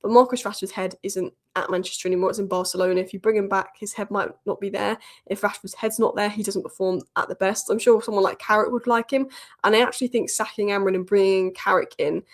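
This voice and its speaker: Fast-talking opinionated woman host. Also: medium pitch, steady tone. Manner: opinionated, chatty, quick asides. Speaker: football channel host. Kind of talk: casual football news commentary.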